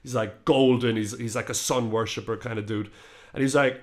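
A man in his thirties tells a story during casual chat, animated and swearing and laughing along the way. He speaks fast at a medium pitch.

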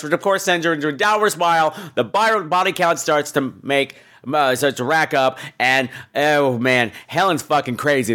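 A man hosting a podcast, giving a campy, profane and animated comedic film review. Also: a little high, normal speed, hardly any pauses. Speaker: podcast host.

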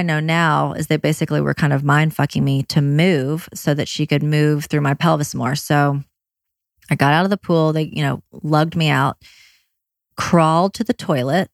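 A woman candidly telling her own birth story, quick and blunt, with swearing and many fillers. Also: low voice, fairly even intonation, gravelly, no echo, clean studio sound. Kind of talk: personal storytelling.

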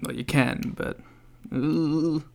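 A man's voice: a little high, steady tone, takes it slowly, creaky, a little mellow. A man co-hosting a casual wrestling podcast, dry and wry with joking asides. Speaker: podcast co-host.

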